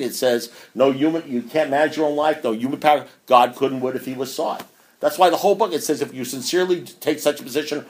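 A man giving an impassioned talk to a meeting, with a voice at an everyday middle pitch. He reads passages aloud, fires rhetorical questions at his listeners, and chuckles between points. His loudness swings between pushed emphasis and quiet asides. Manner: chuckling as he talks. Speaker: speaker at a recovery meeting. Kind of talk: impassioned talk reading from a book.

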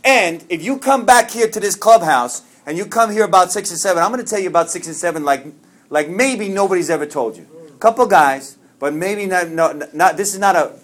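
Man, recovery meeting talk, animated storytelling, loud bursts then hushed asides, slightly high voice. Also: brisk. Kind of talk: sharing a personal story.

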